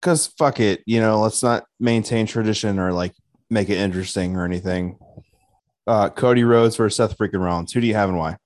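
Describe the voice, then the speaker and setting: A man's voice: lowish voice, a little fast, a little mellow, dry recording. A young man co-hosting a casual podcast, swearing and joking as he gives his picks. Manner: profane, joking, laughs often. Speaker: podcast co-host. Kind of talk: casual chat.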